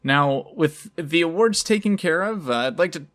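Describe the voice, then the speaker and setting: A man's voice: on the high side, animated, normal speed, fairly bright tone. An American man hosting a podcast in casual chat, rambling with lots of filler words. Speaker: podcast host.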